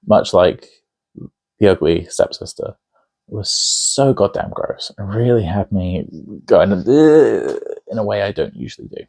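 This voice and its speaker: A man's voice: sits low, creaky, a little mellow. A man hosting a casual film review video, talking in a chatty, enthusiastic way with lots of asides. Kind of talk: casual opinionated film commentary.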